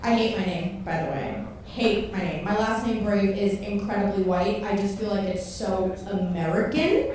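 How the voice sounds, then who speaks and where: A woman's voice: medium pitch, moderate pace, darkish tone. A woman from Miami doing a crude stand-up set in a comedy club, laughing at her own jokes. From Miami, Kendall. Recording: echoey club from far off, noisy.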